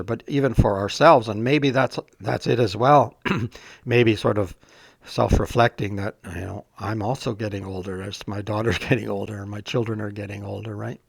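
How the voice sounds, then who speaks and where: A man tutoring, reading and discussing a poem in a thoughtful, gentle way with many filler words, a little congested from a cold. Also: on the low side, steady tone, normal speed, gravelly, slightly rough, no room sound, clean studio sound.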